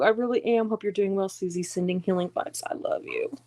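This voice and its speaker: A middle-aged woman talks casually on her livestream, rambling from one thought to the next. She reads viewer comments aloud and laughs often. Her voice sits at a middle pitch. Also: steady tone, normal speed, hardly any pauses. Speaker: livestream host.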